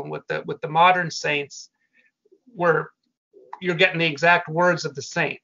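A man's voice: a little high, vocal fry, pushed and bright. An older man speaking as a guest in casual conversation, an earnest storyteller who often restarts his sentences. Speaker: guest, family business founder. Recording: muffled lo-fi audio.

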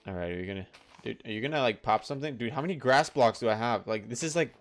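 A young man doing casual gameplay commentary, chatty and excitable, talking to the animals in the game. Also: mid-range voice, fast. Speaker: gaming YouTuber.

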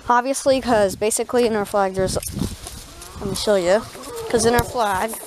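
A woman from Canada chatting casually in a backyard tutorial vlog, talking softly to her chickens. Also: mid-range voice, fairly even intonation, moderate pace, background noise. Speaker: vlogger. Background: chickens clucking.

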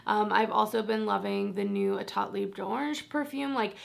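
A young woman who vlogs about fragrances chats casually about perfumes at a moderate pace. Her medium-pitched voice is creaky, and she rambles while making self-deprecating remarks.

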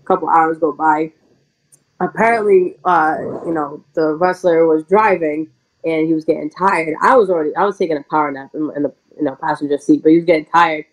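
A woman's voice: sits low, fairly quick, rough recording. Chatty woman wrestler telling road stories. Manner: chatty, animated, many "like"s and laughs. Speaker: pro wrestler guest. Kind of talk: casual interview storytelling.

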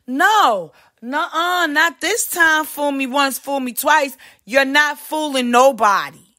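A woman hosting a podcast, delivering a heated, profane ranting monologue with big swings in pitch. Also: a little slow, bright, forceful tone. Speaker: podcast host.

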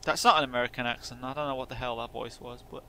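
A man's voice: medium pitch, fairly even intonation, quick pace, gravelly, sharp tone. Chatty man with engine noise. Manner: chatty, rambling, swears offhandedly. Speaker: gameplay video host. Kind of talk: casual gameplay commentary. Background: truck driving game sounds.

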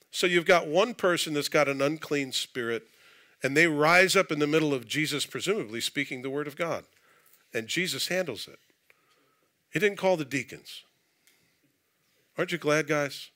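Man, pastor, conversational sermon, bright forceful tone, asides to the congregation. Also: fairly high pitch. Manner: conversational preaching with asides and jokes. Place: church sanctuary.

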